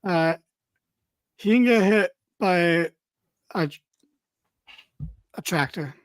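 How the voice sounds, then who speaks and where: A man's voice: high voice, animated, slow, no room sound. Tired, dry-joking podcast host man. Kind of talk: casual podcast chat.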